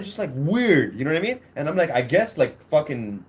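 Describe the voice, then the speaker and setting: A man's voice: fairly high pitch, sing-song, fairly quick. A young man hosting a podcast on his own, talking casually and crudely in a rambling way and laughing at his own stories. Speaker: podcast host. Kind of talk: casual solo podcast talk.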